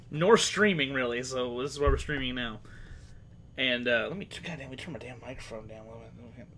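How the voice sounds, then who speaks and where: A man's voice: mid-range voice, brisk, background noise. A man with a slightly sore throat chatting casually and rambling as the game master of an online tabletop game, swearing now and then. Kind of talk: casual game stream chat.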